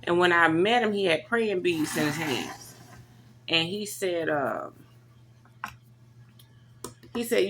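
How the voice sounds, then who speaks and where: A woman telling a story to her camera in a blunt, profane, animated rant. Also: on the low side, slow pace, gravelly, pauses often, a little hiss or hum. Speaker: vlogger.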